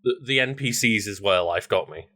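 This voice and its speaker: A man co-hosting a podcast, talking in a relaxed, rambling way with many fillers. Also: on the low side, normal speed. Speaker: podcast co-host. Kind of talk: casual chat.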